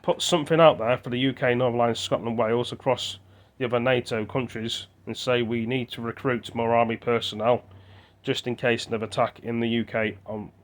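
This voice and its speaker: A man's voice: medium pitch, steady tone, fairly quick. Rambling man thinking aloud on his phone. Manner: meandering, thinking aloud with many fillers and restarts. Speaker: vlogger. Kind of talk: rambling casual monologue to camera.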